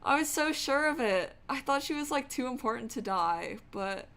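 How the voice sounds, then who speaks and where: A woman streamer reading a game's narration aloud and chatting expressively and excitably, swearing casually. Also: sits high, moderate pace.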